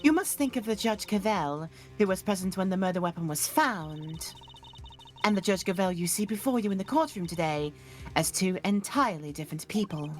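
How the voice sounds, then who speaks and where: A woman voicing a stern, formal judge in a fan voice-acting stream of a game, speaking in measured legal language over faint music. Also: mid-range voice, lively intonation, natural voice.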